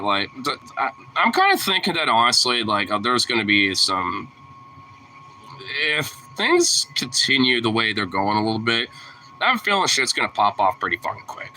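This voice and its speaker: A young man from Portland talks casually to camera, rambling and swearing freely. His voice is bright and sharp, with a lively, bouncing pitch. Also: normal speed, a little hiss or hum, low-quality recording. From Portland, Oregon. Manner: rambling, heavy swearing, filler words. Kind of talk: casual vlog talk.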